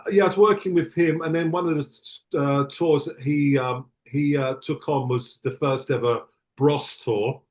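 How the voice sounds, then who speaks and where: A man's voice: fairly high pitch, fairly even intonation, a little slow, darkish tone. Reflective middle-aged man, rambling story. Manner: reflective, rambling with many restarts. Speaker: guest, tour manager. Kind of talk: casual chat.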